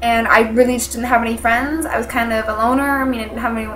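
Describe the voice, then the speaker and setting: A teenage woman vlogger, congested, telling a personal story to camera in a halting, earnest way full of fillers. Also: a little high, fairly even intonation, a bit bright, slight background noise. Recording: echoey room.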